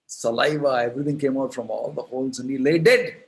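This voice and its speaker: A man with an Indian accent, a monk telling a devotional story in a sermon, animated and acting out the characters. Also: medium pitch, fast talker. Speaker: monk and preacher.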